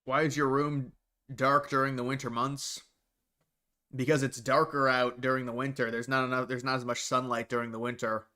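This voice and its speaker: A man's voice: mid-range voice, little pitch movement, normal speed, bright, forceful tone. A man from Ohio hosting a casual livestream, rambling bluntly through viewer questions with frequent restarts. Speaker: livestream host.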